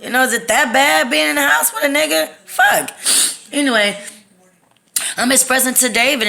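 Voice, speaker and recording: A woman's voice: high-pitched, moderate pace, gravelly, long pauses, pushed and bright. A woman from Texas, telling a personal story to her phone in a candid, profane, rambling way. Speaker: storytime vlogger. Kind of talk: casual storytime monologue.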